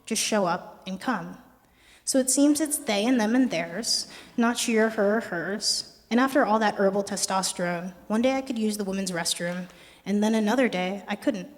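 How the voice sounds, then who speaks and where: A young adult poet giving a poetry reading with a wry, conversational, deadpan delivery. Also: mid-range voice, moderate pace. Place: art gallery performance space. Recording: long reverb of a gallery hall.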